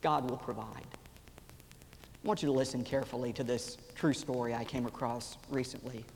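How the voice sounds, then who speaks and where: Gravelly preacher in his forties. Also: medium pitch, steady tone, moderate pace. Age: 40s. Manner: dramatic storytelling, swelling loud then dropping to a whisper. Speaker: pastor. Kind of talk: sermon. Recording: reverberant hall, faint background noise.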